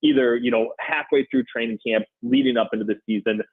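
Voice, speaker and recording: Fast minnesota guy calling in to sports radio, husky voice, tinny phone sound. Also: medium pitch. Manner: fast, hedging with fillers. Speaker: guest analyst.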